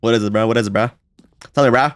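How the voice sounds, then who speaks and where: A young man streaming a game in excitable, stammering casual commentary, with frequent swearing and repeated words. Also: on the low side, rapid-fire, clear, resonant tone, no room sound, clean studio sound.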